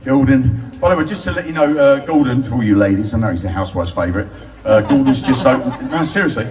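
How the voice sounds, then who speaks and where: An older man performs live stand-up for a bar crowd, telling crude, cheeky stories and laughing at his own jokes. His medium-pitched voice is fast with lively intonation, caught on a distant mic over a loud crowd.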